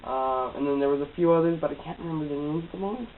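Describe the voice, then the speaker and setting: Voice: mid-range voice, very fast. Amateur reviewer with a cold, loose and rambling, lots of ums and restarts; tinny phone-grade audio with a light hiss. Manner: rambling, heavy on fillers and restarts. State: has a cold. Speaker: movie reviewer. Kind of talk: casual rambling movie review.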